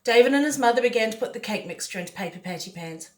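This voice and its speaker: Woman reading a kids story out loud, playful, chatty asides, a little high. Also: expressive, fast talker. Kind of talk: reading a picture book aloud.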